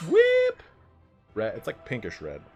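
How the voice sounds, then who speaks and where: Guy streaming from his room, chatty and swears a lot, super lively up and down voice. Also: fairly low pitch, normal speed, lo-fi sound, faint music behind. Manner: joking, profane, chatty with viewers. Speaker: livestream host of a game league. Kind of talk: casual live-stream chat.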